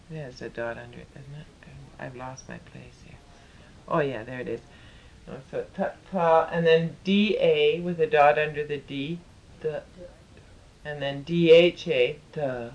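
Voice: medium pitch, muffled recording. A teacher giving a patient, step-by-step pronunciation lesson, spelling out syllables and chanting them in rhythmic sequences.

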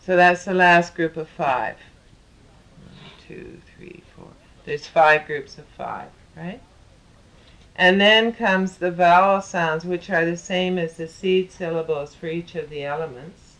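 A teacher leads a pronunciation lesson at a very unhurried pace. Each syllable is spelled out patiently, step by step, and then chanted in steady, rhythmic runs. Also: mid-range voice.

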